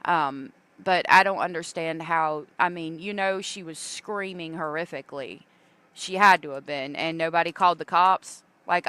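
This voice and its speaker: A woman's voice: on the low side, a bit bright, smooth, dry recording. Chatty woman hosting a livestream. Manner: chatty, reads viewer comments aloud, many fillers. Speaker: true crime livestream host. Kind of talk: casual livestream commentary.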